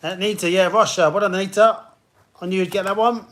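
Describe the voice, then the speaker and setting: A man's voice: high voice, fairly even intonation, a little fast, fairly bright tone. A man hosting a live online pub quiz, chatting and greeting players by name as he reads questions. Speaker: quiz host.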